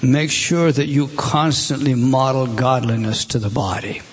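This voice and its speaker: A middle-aged man preaches with a husky, slightly breathy voice. He speaks in an earnest, exhorting way, often restarting his phrases as he presses his point. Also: mid-range voice, fairly even intonation, measured pace. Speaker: pastor. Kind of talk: sermon.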